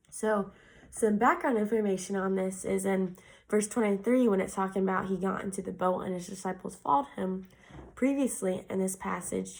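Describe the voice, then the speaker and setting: Young woman giving a chill devotional talk, earnest, kinda gravelly fry, says like a lot. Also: medium pitch, darkish tone, rough recording. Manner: earnest, conversational, uses "like" often.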